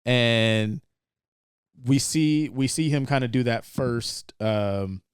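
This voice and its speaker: This young podcast co-host has a smooth, medium-pitched voice and speaks slowly, captured at studio quality without room sound. In casual conversation he walks through a film scene in a rambling, animated way, acting out quoted lines.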